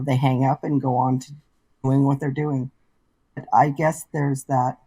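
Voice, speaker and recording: A woman guest in a casual online chat, earnest and thoughtful, pausing as she talks. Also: rumbling low, mellow, slightly rough, dry recording, poor audio. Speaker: guest scambaiter. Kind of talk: casual video-call chat.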